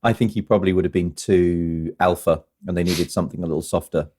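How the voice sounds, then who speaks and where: A man's voice: low voice, fast talker, a little hiss or hum. A young man co-hosting a podcast, talking eagerly about a film he loves. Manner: enthusiastic, animated retelling. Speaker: podcast co-host. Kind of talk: casual film review chat.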